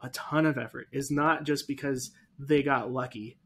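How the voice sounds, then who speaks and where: A man's voice: medium pitch, steady tone, moderate pace, fairly bright tone, husky. A man co-hosting a casual chat podcast, speaking earnestly and matter-of-factly. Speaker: podcast co-host.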